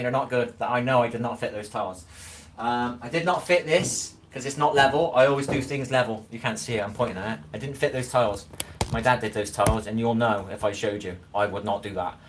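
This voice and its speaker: A man's voice: medium pitch, a bit bright, a little hiss or hum. A man with a Scottish accent chatting loosely on a live stream from his kitchen, rambling and often checking that he is understood. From Scotland. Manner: rambling, keeps asking "do you know what I mean". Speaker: livestreamer. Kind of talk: casual live-stream chat. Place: home kitchen.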